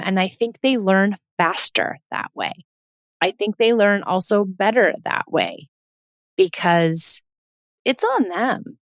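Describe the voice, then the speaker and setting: Earnest woman, 40s, podcast host, emphatic and repetitive, medium pitch, dry close-mic sound. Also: dry recording. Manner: earnest, emphatic, repeats points. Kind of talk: casual podcast monologue.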